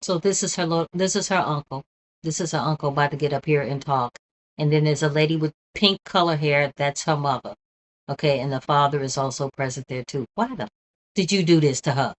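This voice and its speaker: A woman's voice: sits low, steady tone, brisk, low-quality recording. A woman hosting a live stream, reacting to court footage with heated, profane commentary aimed at her viewers.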